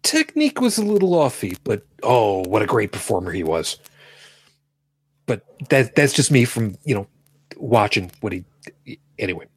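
A man's voice: fairly low pitch, sing-song, moderate pace, breathy edge, no echo. A man co-hosting a casual talk show, rambling, joking and correcting himself as he goes. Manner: rambling, self-correcting, jokey. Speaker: podcast co-host. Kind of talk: casual chat.

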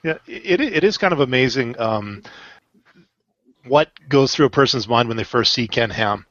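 A man's voice: medium pitch, animated, moderate pace, fairly bright tone, no echo, lo-fi sound. Dry-sounding man telling rambling anecdotes. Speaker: podcast co-host. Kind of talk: casual podcast chat.

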